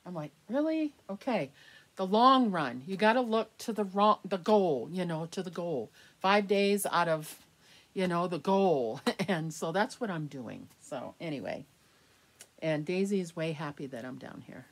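A middle-aged woman vlogging candidly to the camera, rambling and laughing softly as she talks. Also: on the low side, lively intonation, a little slow, husky. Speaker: reborn doll collector vlogger. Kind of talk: casual chat to camera.

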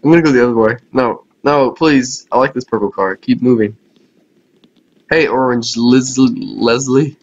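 A man's voice: mid-range voice, unhurried, lo-fi sound. A man giving casual, self-mocking let's-play commentary on a game, talking to viewers and laughing often. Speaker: gaming YouTuber.

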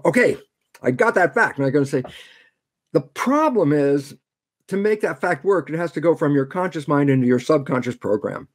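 An older man, a podcast guest, giving an emphatic lecture-style explanation and acting out imagined back-and-forth dialogues. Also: a little high.

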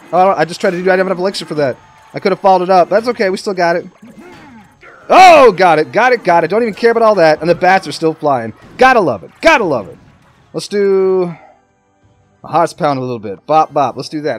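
A man giving excitable live commentary over his own gameplay, talking to the game and to his viewers. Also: on the high side. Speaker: gaming commentator.

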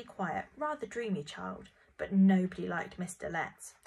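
A woman reads a children's storybook aloud with gentle expression. Her voice sits in the middle range and has a soft, breathy edge. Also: medium pitch, low-quality recording. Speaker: narrator.

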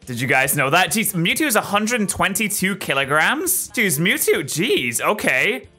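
A bright, high-pitched man rattles through jokey gameplay commentary, his voice swinging wildly up and down. He is excitable and yells at every win. Faint game music plays behind him. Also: husky. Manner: excitable, jokey, yells at wins, mock-slow reading. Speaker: gaming YouTuber.

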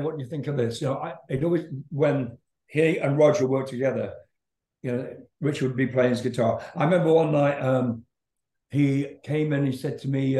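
A man's voice: medium pitch, mellow. An older man, a rock singer, telling a rambling story in a casual interview, laughing and swearing as he goes. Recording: roomy echo.

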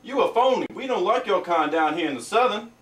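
A tough-talking cowboy who throws out challenges in a gruff, clipped western manner, played by a young man in a student film. His voice sits somewhat high. It sounds echoey and far from the camera, with faint noise behind it. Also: expressive, a little fast. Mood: defiant. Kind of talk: amateur student film acting.

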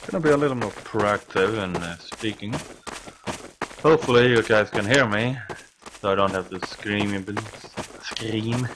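A man's voice: on the low side, normal speed, background noise. A man giving casual, swearing commentary while playing a multiplayer war game. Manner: swears often, mutters reactions. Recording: game gunfire loud behind voice.

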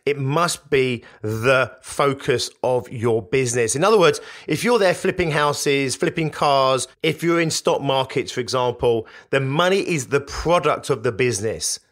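A man's voice: medium pitch, fairly bright tone. Emphatic man hosting a podcast. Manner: emphatic, repetitive coaching delivery. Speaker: podcast host. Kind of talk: solo podcast monologue.

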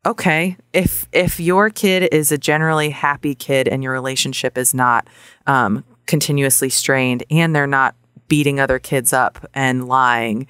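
A woman's voice: rumbling low, steady tone, unhurried, a bit bright, clear, resonant tone, dry recording, studio quality. A woman psychologist, a guest on a podcast, explaining parenting at length with many fillers and restarts. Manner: explanatory, full of fillers and self-corrections. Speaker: child psychologist and book author. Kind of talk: podcast interview answer.

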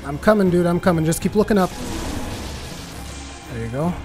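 Man, gameplay commentator, joking and sarcastic, fairly high voice, game music behind. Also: animated, normal speed. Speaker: let's play commentator.

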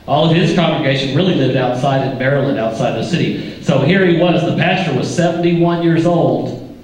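A man's voice: on the high side, normal speed, a little mellow. An older man preaching a sermon as pastor, folksy and joking, quizzing the congregation as he goes. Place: church sanctuary. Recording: echoey church from a distance.

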